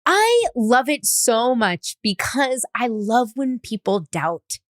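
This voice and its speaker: A woman's voice: on the high side, big pitch swings, takes it slowly, no echo, studio quality. A young woman hosting a podcast, chatting in an enthusiastic, encouraging way. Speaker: podcast host. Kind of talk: casual chat.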